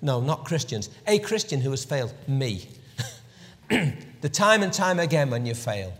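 Preacher in an echoing hall. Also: male voice, mid-range voice, measured pace. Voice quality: clears throat often. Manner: animated storytelling, swings from loud emphasis to hushed reflection. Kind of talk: sermon. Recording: long hall reverb.

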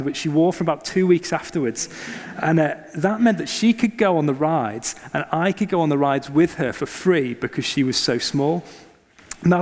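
A man in his thirties preaching a sermon, telling a family story in a lively storytelling manner. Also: fairly high pitch, in a large hall. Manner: storytelling, animated when acting out scenes. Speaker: pastor.

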